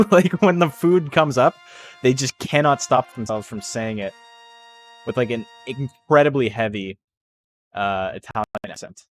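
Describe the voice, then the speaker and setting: A man's voice: mid-range voice, a little slow. A man hosting a live stream of a game tournament. He rambles casually, jokes and swears freely between calls of the action. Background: faint background music.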